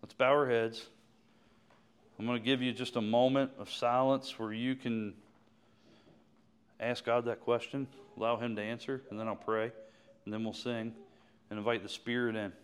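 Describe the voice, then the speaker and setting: A man's voice: medium pitch, little pitch movement, normal speed, pauses often, smooth. A man preaching a sermon, closing with an impassioned prayer. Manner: impassioned, rising to fervent prayer. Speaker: pastor.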